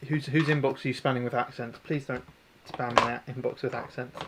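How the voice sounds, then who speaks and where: This airsoft tech livestream host from New Zealand talks fairly quickly at a medium pitch with fairly even intonation. Servicing an airsoft gun, he rambles in a chatty, self-deprecating way and replies to chat, over a very noisy background.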